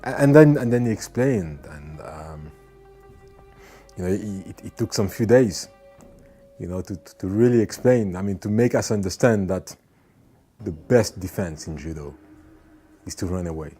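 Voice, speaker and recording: A man's voice: low-pitched, moderate pace, pauses often, slightly rough, faint music behind. A man giving an earnest motivational talk, repeating his points and now and then acting out angry people. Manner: earnest, repeats phrases, acts out shouting people. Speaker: motivational speaker.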